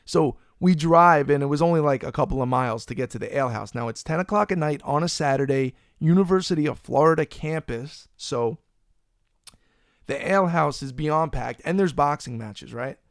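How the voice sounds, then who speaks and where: Animated, foul-mouthed podcast host, higher-pitched man. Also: moderate pace, no room sound, clean studio sound. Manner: animated, profane, loose storyteller. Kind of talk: casual storytelling chat. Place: Florida.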